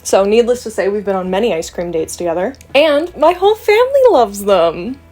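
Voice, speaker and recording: A woman's voice: medium pitch, fairly quick, soft background music. Playful joking young woman vlogger. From Canada. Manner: playful, joking, lively asides. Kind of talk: casual chat to camera.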